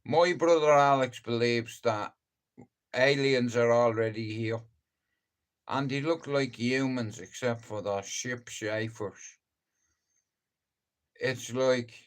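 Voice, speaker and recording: Male live-stream host, slow, profane, rambling, mid-range voice. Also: mid-range voice. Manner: profane, rambling storyteller who addresses viewers directly. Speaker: livestream host.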